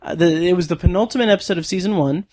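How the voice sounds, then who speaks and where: A woman's voice: lowish voice, racing, background noise. A woman co-hosting a podcast, chatting casually about TV shows with many fillers and frequent laughs. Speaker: podcast co-host. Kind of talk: casual chat and show review.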